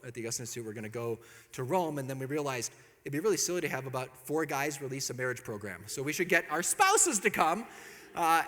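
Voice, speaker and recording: A man giving a humorous storytelling talk to an audience, acting out quoted lines with lively jumps in his voice. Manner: animated, acts out quotes with big pitch jumps. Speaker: Catholic speaker. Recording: long hall reverb.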